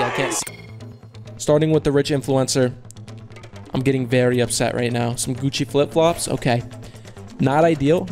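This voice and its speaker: A young man giving casual commentary on opening online cases, groaning at losses and cheering at wins, talking in slang to his viewers. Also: medium pitch. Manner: swings between groaning frustration and loud cheering. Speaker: case-opening video host. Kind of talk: excited gaming commentary.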